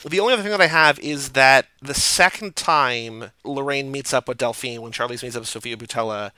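A man's voice: medium pitch, fairly quick, bright, forceful tone, smooth, dry recording, rough recording. A man hosting a casual movie podcast, chatting loosely with lots of fillers. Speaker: podcast host.

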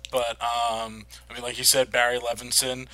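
A man's voice: medium pitch, monotone, normal speed, bright, forceful tone. A man co-hosting a podcast, joking and asking follow-up questions in casual film talk. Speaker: podcast co-host.

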